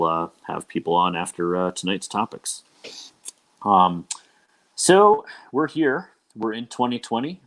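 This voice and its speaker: A man's voice: low-pitched, a bit bright. A young man hosting a casual livestream podcast, talking in a loose, rambling way with many ums and uhs. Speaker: podcast host.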